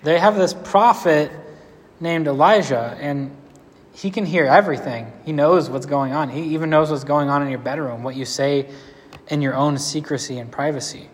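A sheepish army officer stammers out an awkward confession, as a preacher puts him on. The voice is hesitant and fairly high, with a long reverb rolling around the hall. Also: male voice, moderate pace, natural voice.

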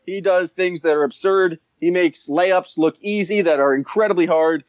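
On a casual sports podcast, a male co-host with a high-sitting voice talks at normal speed. He's enthusiastic and rambles through fillers, and the recording sounds dull, dry and lo-fi.

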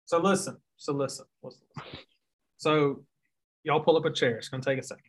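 A man's voice: a little high, a little fast. A young man with a Southern US accent, a guest writer telling long stories in casual, self-mocking podcast chat. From Mississippi. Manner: drawling storyteller, self-mocking.

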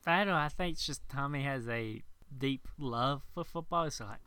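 A young man chatting casually about a movie, hesitant, restarting phrases and trailing off quietly. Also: medium pitch, fairly quick, hardly any pauses, smooth. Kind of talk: casual movie review chat.

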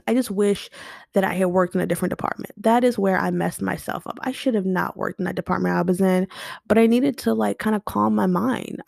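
Her medium-pitched voice is creaky with a darkish tone as this young podcast host speaks unscripted about her past, blunt, emotional and full of swearing. The home podcast mic gives clean studio sound with no echo.

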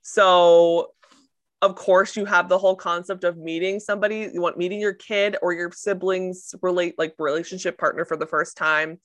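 A woman co-hosting a podcast, chatting casually and excitedly about favorite movies, quoting people and swearing freely. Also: lowish voice, moderate pace, dry recording. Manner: excited, profane, quotes herself and others. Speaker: podcast co-host. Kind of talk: casual chat.

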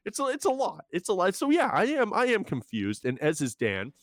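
A man's voice: high-pitched, brisk, no echo. A young man talks through a TV recap in a loose, self-mocking way. His delivery wanders and restarts with plenty of energy. The sound is close and dry. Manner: animated, rambling, self-mocking. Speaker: podcast co-host. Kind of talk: casual recap chat.

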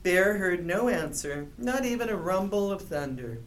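A woman reading a children's picture book aloud in a gentle, expressive storytelling manner. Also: mid-range voice, moderate pace, a little hiss or hum. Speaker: storybook reader.

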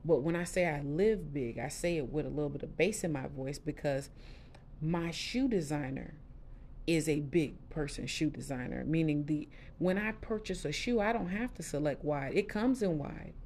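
A middle-aged woman hosting a podcast, telling her personal story candidly in a casual, expressive way with lively quoted asides. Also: low voice, moderate pace, a little hiss or hum. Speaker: podcast host.

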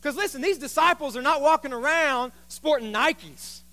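This pastor delivers his sermon on a handheld mic in a very high, bright, forceful voice at normal speed. Between jokes with the congregation, he reads scripture aloud.

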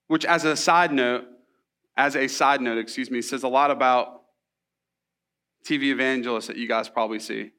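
A man's voice: mid-range voice, fairly even intonation, normal speed, pauses often, bright, forceful tone, clear, resonant tone. A young man preaching a sermon in a casual, storytelling way, with asides and rhetorical questions. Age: young adult. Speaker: pastor.

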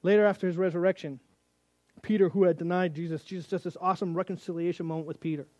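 A man gives a Bible teaching to young people, telling the stories in an animated way with casual, joking asides. His voice sits fairly high for a man. The recording is close and dry, with no room sound. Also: fast, no echo, dull audio. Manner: animated storytelling, acts out quotes, casual asides.

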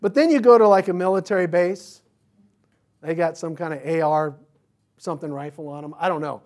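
Pastor preaching with lively asides. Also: male voice, on the high side, brisk. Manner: conversational preaching with humorous asides and sudden bursts of excitement. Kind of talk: sermon.

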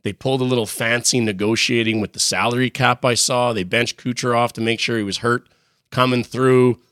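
Canadian guy co-hosting a sports podcast, mid-pitch voice, upbeat and jokey, dry close sound. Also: steady tone, brisk, a bit bright, no echo. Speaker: podcast co-host. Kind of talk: casual sports chat.

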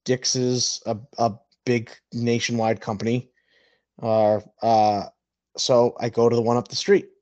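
A man hosting a podcast, telling an animated, casual story in which he acts out both sides of an argument. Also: mid-range voice, unhurried, no room sound. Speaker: podcast host.

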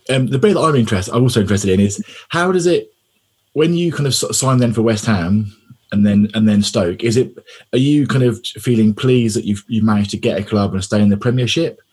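A man's voice: on the low side, a little mellow, breathy edge. A man hosting a casual podcast, chatty and joking as he asks long questions. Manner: chatty, joking, mimics people. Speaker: podcast host.

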